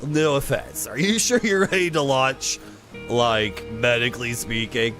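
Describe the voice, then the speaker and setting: A man's voice: mid-range voice, unhurried, lightly acted. A man reading aloud the lines of a friendly young alien museum keeper, chuckling as he goes. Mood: amused. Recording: faint music behind.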